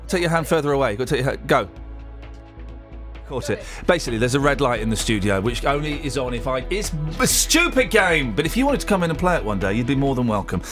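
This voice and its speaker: A man's voice: mid-range voice, expressive, fast talker, music in the background. A man with a southern English accent hosting a radio show, teasing and interrupting his co-presenter in playful banter. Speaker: radio host.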